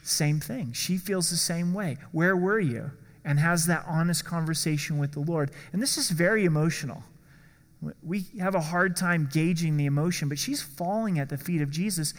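Male pastor, earnest sermon delivery, a touch high-pitched, echoing church hall. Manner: earnest, slows down for emphasis.

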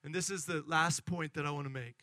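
A middle-aged man preaching a lively sermon, acting out excited voices and asking the congregation questions. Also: on the high side, brisk, dry recording. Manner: animated, acts out excited voices, addresses congregation. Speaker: pastor.

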